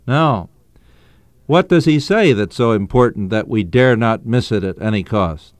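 A man's voice: on the low side, lively intonation, measured pace, no echo. Emphatic man teaching the Bible on radio. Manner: earnest, emphatic, stretches key phrases.

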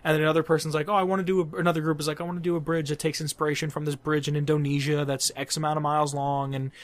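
Rambling, cursing young man telling a story. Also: a little high. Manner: rambling, profane, laughs at his own jokes. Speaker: podcast co-host. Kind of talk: casual storytelling chat.

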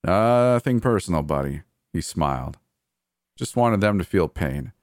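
A man's voice: low voice, expressive, unhurried, darkish tone, no echo, studio quality. A man voicing a sneering, murderous brother. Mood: cold. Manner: taunting, sneering, coldly cheerful. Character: mocking murderous adult brother, cold and gleeful. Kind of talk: horror story dialogue.

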